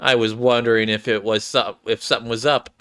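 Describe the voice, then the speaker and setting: A man's voice: medium pitch, fairly even intonation, fairly quick, a bit bright, clear, resonant tone, lightly acted. A brash girl fighter who talks bluntly and scolds without holding back, read by a man in his own ordinary voice. She sounds defensive and sure of herself. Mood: scolding.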